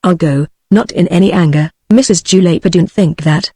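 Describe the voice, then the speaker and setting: A British woman text-to-speech voice reading the part of a gentle, feeble and miserable young man, without changing voice. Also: on the low side, normal speed, husky, dry recording, studio quality. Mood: pleading. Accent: British English. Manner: plain synthetic reading, no change of voice.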